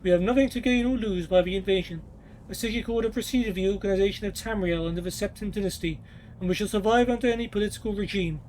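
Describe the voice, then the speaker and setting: A man's voice: high voice, darkish tone, slight background noise, natural voice, poor audio. Man reading as proud mage leader. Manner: proud, measured.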